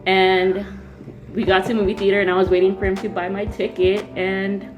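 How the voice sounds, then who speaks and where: A woman guest telling a light story from her teen years in a calm, relaxed way. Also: mid-range voice, fairly quick, dull audio. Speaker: podcast guest. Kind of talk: casual storytelling. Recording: music behind.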